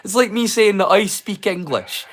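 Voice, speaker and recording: A man's voice: sits high, animated, normal speed, a bit bright. A man from Scotland with a Northeast Scottish Doric accent, chatting casually and jokingly with his livestream chat. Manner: joking, rambling, playful. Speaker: livestream host.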